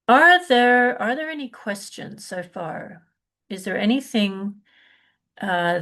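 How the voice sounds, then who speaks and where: Middle-aged female music teacher, unhurried, gravelly edge, halting delivery with restarts. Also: mid-range voice. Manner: halting, many fillers and restarts, patient. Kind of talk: live online lesson, unscripted explanation.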